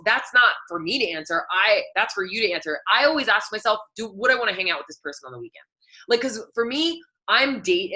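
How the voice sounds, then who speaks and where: A woman's voice: lowish voice, pushed and bright, low-quality recording. A woman fitness coach talking casually and candidly to her team, full of fillers and asides. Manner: chatty, filler-heavy, candid. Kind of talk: casual live coaching talk.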